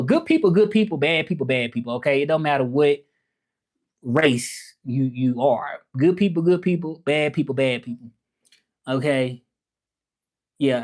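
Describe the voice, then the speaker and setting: A Southern American man in his thirties hosts a casual livestream, reading viewers' comments and answering them. His talk is loose and repetitive, full of "you know what I'm saying," and he sits at a middling pitch for a man. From Southern United States. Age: 30s. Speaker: livestream host.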